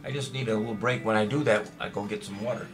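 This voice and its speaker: A man's voice: fairly low pitch, fairly even intonation, fast. Jokey man hosting a trivia stream. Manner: jokey, chatty, reads out viewer names and answers. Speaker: trivia show host. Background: music.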